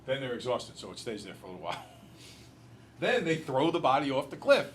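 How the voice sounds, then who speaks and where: A male teacher lecturing a class in an animated, joking storyteller way. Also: medium pitch, normal speed, a little hiss or hum.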